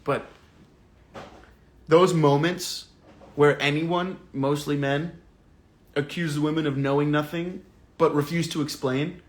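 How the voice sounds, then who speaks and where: A man hosting a livestream book club, talking through the book and reading out viewer comments in a casual, animated, indignant way with slang and swearing. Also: fairly high pitch, slow, long pauses.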